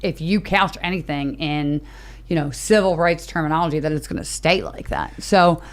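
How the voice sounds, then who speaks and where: A woman's voice: deep voice, expressive, normal speed. Casual woman co-hosting a political chat. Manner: casual, many filler "like"s. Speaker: podcast co-host. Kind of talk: political panel discussion.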